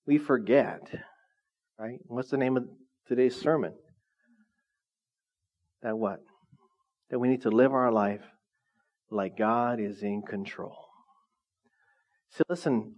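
A middle-aged male pastor preaching a lively, conversational sermon, often asking the congregation questions. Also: a little high. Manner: asks the congregation frequent questions. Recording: dull lo-fi sound.

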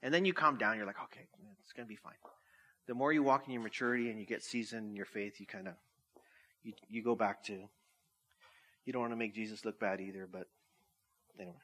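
A man's voice: lowish voice, steady tone, fast talker, pauses often, bright, forceful tone. A middle-aged man preaching a sermon, casual and jokey, laughing at himself, then reading scripture and praying. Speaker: pastor.

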